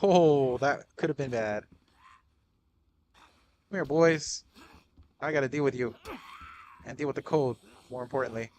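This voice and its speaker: A young man giving excitable live gameplay commentary, swearing often, calling everyone bro and dude, and panicking in repeated shouts. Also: mid-range voice, unhurried, long pauses, a little hiss or hum. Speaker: gaming streamer.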